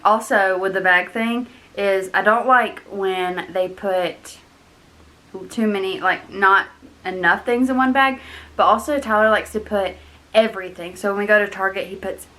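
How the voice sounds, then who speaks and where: Young female vlogger, lively quote-acting, mid-range voice. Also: mid-range voice, moderate pace. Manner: animated, mimics people in quotes. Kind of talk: casual chat.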